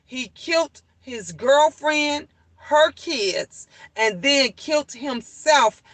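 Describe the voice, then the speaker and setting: A middle-aged woman tells viewers a story in a casual, animated way. She curses freely and repeats lines for emphasis. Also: high-pitched, slow, no room sound, poor audio. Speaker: vlogger.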